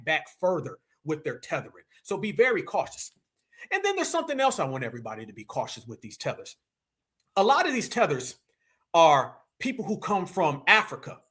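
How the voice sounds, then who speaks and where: A man hosting a casual livestream, talking in an animated, slangy and mocking way. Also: sits high, slightly rough. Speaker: livestream host.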